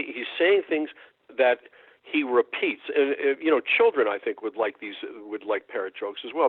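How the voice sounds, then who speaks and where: A man, a folklorist, talking thoughtfully in a radio interview, often pausing and restarting. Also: mid-range voice, no room sound. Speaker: folklorist guest. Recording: dry tinny phone line.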